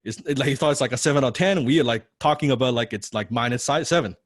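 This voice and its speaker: A man's voice: mid-range voice, racing, no room sound. A man coaching a live online class, blunt and profane, repeating key lines and often asking "right?". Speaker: copywriting coach.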